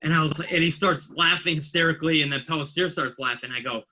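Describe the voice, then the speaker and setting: A man in his late thirties, a police officer on a podcast, tells a story with a very bright, sharp edge to his somewhat high voice. He talks casually, acting out the voices of the people he quotes. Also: quick pace, low-quality recording. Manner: anecdotal, acts out quoted voices.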